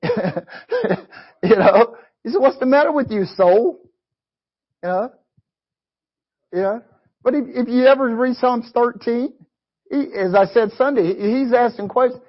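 A man's voice: very high-pitched, expressive, measured pace, long pauses. A man preaching a sermon, quoting scripture and dropping in frequent "amen" and "you know" asides. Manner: reads scripture aloud in a preaching cadence. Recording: dull lo-fi recording.

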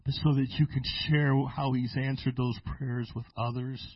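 A man who is a pastor, preaching a sermon and telling stories with restarts, sometimes slowing down and sometimes breaking into shouts. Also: medium pitch, level tone, dry recording, muffled recording. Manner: preaching with sudden shouted bursts and slow drawn-out phrases; storytelling with restarts and repeated words. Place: church sanctuary.

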